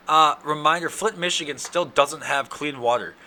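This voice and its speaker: A young man with an Upper Midwest accent, hosting a casual solo podcast, ranting and cursing in loud outbursts, his throat dry from yelling. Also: fairly high pitch, moderate pace. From Wisconsin. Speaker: podcast host.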